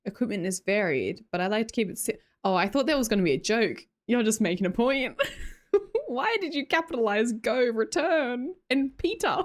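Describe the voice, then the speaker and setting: A woman's voice: fairly high pitch, sing-song, normal speed. Australian woman, live-stream host, sing-song up-and-down delivery, chatty and giggly, desk mic at home. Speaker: livestreamer. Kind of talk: casual chat with live viewers.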